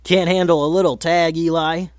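A man voicing a bossy, rough boy who teases the other kids in a loud, pushy way. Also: a little high, lively intonation, a little slow, no echo, clean studio sound, pitched above the performer's own voice, exaggerated voice. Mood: teasing.

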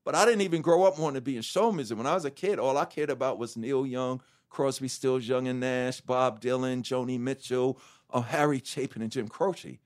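A middle-aged man, a rapper as interview guest, telling his story candidly with profanity, restarts and acted-out quotes of other people. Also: mid-range voice. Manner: animated, profane, acts out quoted dialogue; halting restarts and self-corrections.

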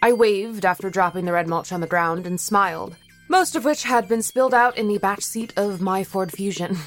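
A woman's voice: mid-range voice, moderate pace, faint music behind. A young woman from Florida narrating a first-person story in a wry, conversational way. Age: young adult.

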